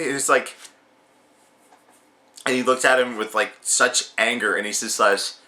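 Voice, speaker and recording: A man's voice: mid-range voice, measured pace, pauses often, pushed and bright. A young man rambling through a casual wrestling show review, joking and swearing as he goes.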